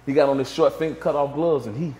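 A man's voice: mid-range voice, fast talker, echoey room. A man guest in a casual interview, telling a story and acting out what others said. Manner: animated storyteller, acts out quotes.

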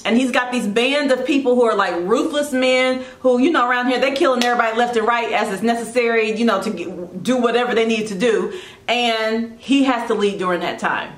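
A woman giving a casual devotional talk about leadership, animated and chatty, with quick asides and self-corrections. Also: fairly high pitch, reverberant. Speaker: Christian blogger giving devotional teaching.

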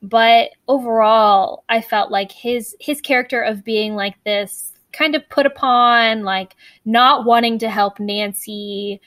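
A woman co-hosting a podcast in casual chat, talking fast and loose with lots of fillers and restarts. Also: on the high side, fairly even intonation, fairly bright tone, dry recording. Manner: chatty, many fillers and restarts. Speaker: podcast co-host.

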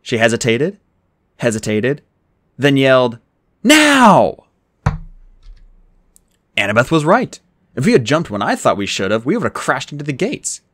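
A man reading an adventure novel aloud in the first person, with an expressive, dramatic delivery. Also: mid-range voice, fairly quick, dry recording. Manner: expressive, dramatic reading with raised character lines. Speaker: audiobook reader.

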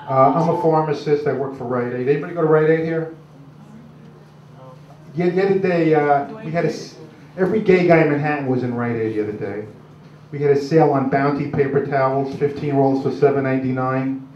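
A man doing a crude, rambling stand-up routine on a club stage. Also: medium pitch. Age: 60s. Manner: crude, gruff, rambling with many "uh"s. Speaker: stand-up comic. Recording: roomy, distant, dull club recording.

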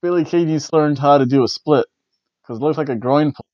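Reviewing a wrestling event casually, this host rambles, corrects himself, and chuckles now and then. His voice is on the high side with a darkish tone and brisk delivery, recorded dry and slightly dull in lo-fi with no echo.

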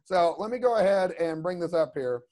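Chatty high-voiced male instructor. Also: lively intonation, brisk, a little mellow. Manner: rambling, chatty, lots of "you know what I mean". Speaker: creature design instructor. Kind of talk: casual online class talk. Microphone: video call.

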